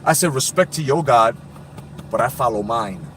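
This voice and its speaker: A man's voice: medium pitch, animated, normal speed, a bit bright, a little hiss or hum. A man in his thirties of Puerto Rican heritage hosting a casual live stream, talking bluntly and profanely in streetwise slang. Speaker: boxing live-stream host.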